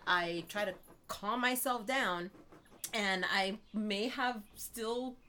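A young woman co-hosting a casual chat, telling an animated, exasperated story and checking in with "right?" often. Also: mid-range voice, takes it slowly, a little hiss or hum.

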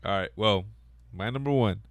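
Profane, excitable man in casual chat. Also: fairly low pitch, normal speed, creaky. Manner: profane, laughing, excitable storytelling.

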